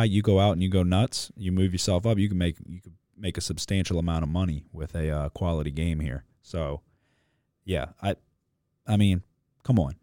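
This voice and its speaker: A very deep-voiced man with a dark, mellow tone talks through his betting picks in a loose, rambling way. He is blunt and swears freely. The sound is dry and close. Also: no room sound. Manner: blunt, profane, rambling with fillers. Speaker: sports betting co-host. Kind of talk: casual sports betting chat.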